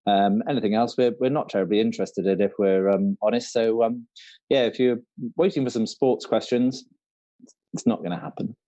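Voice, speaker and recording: A man's voice: fairly low pitch, fairly even intonation, normal speed, mellow, muffled recording. A man co-hosting a quiz, chatty and teasing. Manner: chatty, teasing, laughs readily. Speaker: venue manager and quiz co-host.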